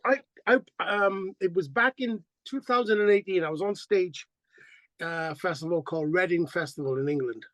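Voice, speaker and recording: A middle-aged man, a band singer telling stories in a casual interview, animated and profane. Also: high-pitched, normal speed, no echo. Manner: animated, profane, acts out quotes.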